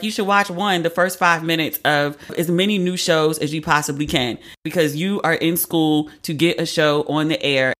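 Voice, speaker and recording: A woman's voice: sits low, a bit bright. A woman hosting a podcast in a casual, wry, chatty way, often breaking into laughter. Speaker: podcast host. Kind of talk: casual pop-culture commentary.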